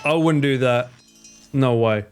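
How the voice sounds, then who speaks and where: A man's voice: mid-range voice, unhurried, faint music behind. A man streaming live, reacting to ads with swearing, laughter and disbelief. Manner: swears a lot, laughs, incredulous.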